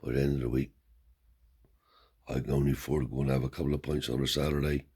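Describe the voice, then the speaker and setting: A man's voice: very deep voice, flat delivery, fast, darkish tone, husky, heavily acted. A man voicing a humble, hard-up machinist who talks modestly and plainly.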